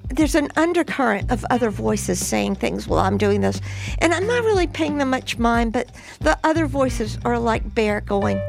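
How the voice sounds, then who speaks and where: An older woman telling her own story in an interview, lively and animated as she acts out what was said. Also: fairly high pitch, normal speed, gravelly, soft background music. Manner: lively, animated retelling with voiced quotes. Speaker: storyteller guest.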